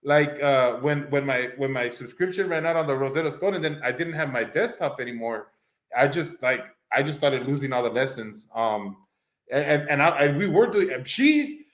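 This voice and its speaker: A man's voice: medium pitch, expressive, normal speed. A man whose first language is Spanish, chatting casually as a podcast co-host, rambling with many restarts and acting out voices. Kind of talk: casual chat. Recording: roomy echo.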